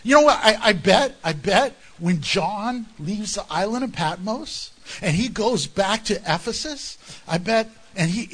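A man preaching a sermon in an animated, conversational way, with jokes and asides to the congregation. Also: sits high. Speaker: pastor.

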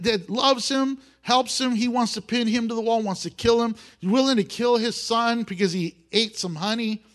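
A man's voice: sits high, lively intonation, moderate pace. A male pastor teaching verse by verse through a Bible passage, in a conversational way with wry asides.

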